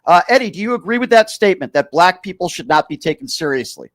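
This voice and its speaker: A man's voice: high voice, lively intonation, quick pace, fairly bright tone. A man hosting a talk show, arguing with a caller and pressing the same question again and again. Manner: combative, repeats questions insistently. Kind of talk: heated call-in argument.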